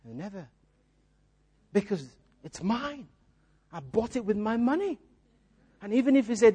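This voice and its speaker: A man's voice: high-pitched, very animated, normal speed, pauses often, mellow, slightly rough. A male preacher giving a sermon in a church, repeating key phrases and putting rhetorical questions to the congregation.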